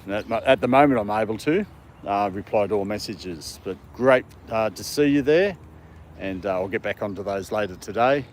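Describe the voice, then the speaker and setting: A man's voice: fairly low pitch, moderate pace, a little hiss or hum. An Australian man hosting a casual livestream from a dog park, answering viewer comments and talking to his dog. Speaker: livestream host.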